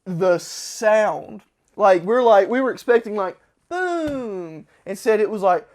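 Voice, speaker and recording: A man, a podcast host, telling a long story casually and acting out the quotes with sudden shouts. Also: high voice, slow pace. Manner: animated, acts out quotes with loud shouts.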